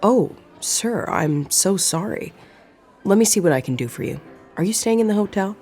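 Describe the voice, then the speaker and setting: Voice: medium pitch, expressive, moderate pace, a little mellow, pitched above the performer's own voice, close to an everyday voice. A polite, apologetic hotel server, voiced by a narrator. The manner stays courteous and a little flustered. Faint music runs beneath the voice.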